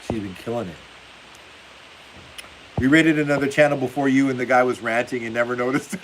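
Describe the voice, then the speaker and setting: On a football livestream, the male host reads viewer comments aloud and laughs a lot in casual chat, his medium-pitched voice swinging widely in pitch. He talks briskly but pauses often, over a low-quality recording with faint hiss.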